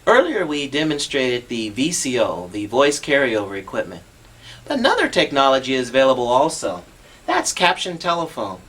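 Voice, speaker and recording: A man's voice: medium pitch, wildly swooping pitch, normal speed, a bit bright. A man demonstrating assistive telephone equipment on a TV show, patient and instructive, walking through each step.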